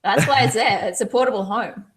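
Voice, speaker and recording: A woman co-hosting a wrestling podcast who jokes playfully through a casual recap. Her voice sits a little high. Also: a little fast. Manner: playful, joking. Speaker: podcast co-host.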